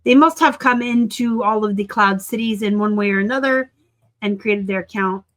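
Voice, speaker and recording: A woman in her forties hosting a reseller channel, chatting casually and excitably as she looks over sold listings. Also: mid-range voice, normal speed. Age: 40s. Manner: chatty and excitable, gushing over items and teasing seller titles. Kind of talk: casual screen-share commentary.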